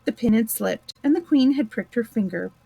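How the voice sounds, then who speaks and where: A woman reading a children's story aloud, bringing the characters to life with lively voices. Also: a little high, moderate pace, gravelly, slightly rough, no echo, rough recording.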